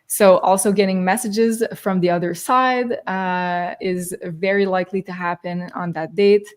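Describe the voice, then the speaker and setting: A woman's voice: fairly low pitch, a little slow, smooth. A woman hosting an astrology show, talking casually and loosely with frequent fillers. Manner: relaxed, searching, frequent fillers. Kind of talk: casual spiritual chat.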